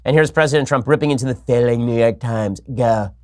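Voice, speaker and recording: A male host delivers a political commentary monologue. His voice sits in a mid range, and he speaks quickly with sarcastic, argumentative jabs. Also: mid-range voice, a little mellow.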